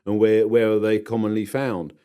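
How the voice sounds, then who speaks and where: A man from England co-hosting a gardening podcast, telling animated anecdotes with many halting restarts. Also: on the low side, clear, resonant tone. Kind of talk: casual chat, anecdotal storytelling.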